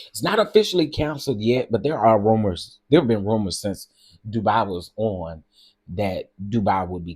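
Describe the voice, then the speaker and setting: A livestream host with a lowish, slightly mellow voice and a breathy edge reads out comments, gossiping in a chatty way and saying "y'all" and "girl." The recording is studio quality with no room sound.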